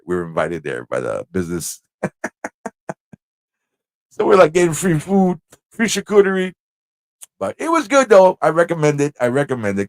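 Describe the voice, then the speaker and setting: Casting: New York-accented male host, animated storyteller, mid-range voice, dry close sound. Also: mid-range voice, no echo. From Corona, Queens, New York. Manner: animated, acts out quoted voices, laughs often. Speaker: livestream host. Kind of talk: casual storytelling.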